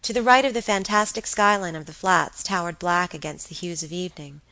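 A woman's voice: fairly low pitch, a little fast, sharp tone, no room sound, rough recording. A woman narrating a classic novel as an audiobook reader, reading expressively.

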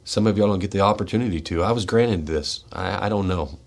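A middle-aged man hosting a radio show, speaking in a raw, confessional monologue, tearful and shaky, swinging between forceful outbursts and hushed words. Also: deep voice, a little fast, creaky. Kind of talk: emotional personal monologue. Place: radio studio.

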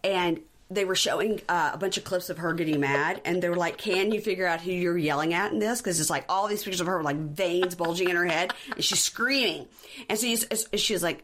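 Woman co-host, slightly low voice, chatty storyteller in casual chat. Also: brisk, fairly bright tone. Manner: chatty storyteller, acts out quotes. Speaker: podcast co-host.

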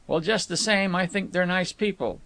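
A man's voice: sits high, moderate pace, vocal fry, sharp tone, no echo, voice pushed up, full character voice. A man reading an audiobook, voicing a mild-mannered, plain-spoken young man who tries to placate a companion. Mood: placating. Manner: folksy, says "ain't", mild and placating.

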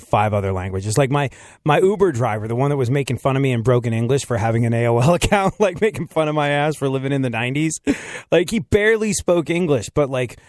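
A man hosting a talk radio show, telling a story casually with frequent laughs and lively, animated delivery. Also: mid-range voice, no room sound, studio quality. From United States.

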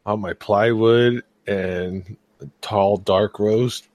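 A man's voice: fairly low pitch, steady tone, drawn-out words, a little mellow, no room sound. A man with a Massachusetts accent, wisecracking bluntly as a podcast co-host. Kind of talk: casual chat.

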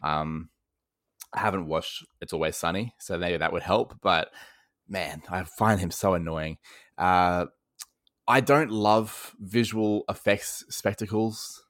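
A man's voice: low-pitched, slow, fairly bright tone, no echo, studio quality. An Australian man hosting a casual film podcast, ranting animatedly and breaking into laughs. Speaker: podcast host.

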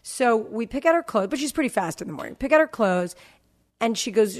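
A woman's voice: fairly high pitch, lively intonation, a little fast. A woman in her forties hosting a podcast, telling a story about her kids in a casual chat and acting out their dialogue. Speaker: podcast host.

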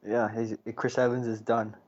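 A man co-hosting a podcast in casual chat, an animated and chatty storyteller. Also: mid-range voice, moderate pace. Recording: slightly dull, lo-fi sound.

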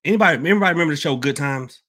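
A man's voice: a little high, racing, pushed and bright. A man hosting a casual podcast, rambling, repeating himself and calling his listeners y'all. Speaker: podcast host and hoodoo worker. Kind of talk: casual open-topic podcast talk.

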